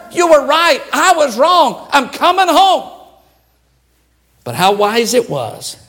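Male pastor, high-pitched, animated sermon delivery with shouts and hushed asides.

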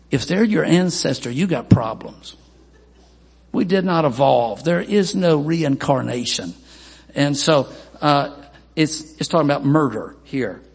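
A man's voice: gravelly, slightly rough. A man preaching a sermon as pastor, emphatic, with Scripture readings and quoted asides. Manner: emphatic preaching, voices quoted people in a raised pitch. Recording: long hall reverb.

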